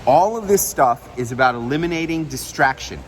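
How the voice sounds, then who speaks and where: A man's voice: on the high side, lively intonation, slight background noise, rough recording. Emphatic male coach giving directions. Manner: emphatic, directive, demonstrates lines slowly. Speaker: media coach. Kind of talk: hands-on coaching session. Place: outdoors by a waterfall.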